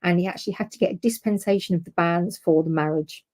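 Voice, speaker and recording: A woman's voice: fairly low pitch, quick pace, warm tone. A woman co-hosting a history podcast, talking through her notes in a chatty, informal way and often correcting herself. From United Kingdom. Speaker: podcast co-host presenting the topic. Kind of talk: casual history podcast chat.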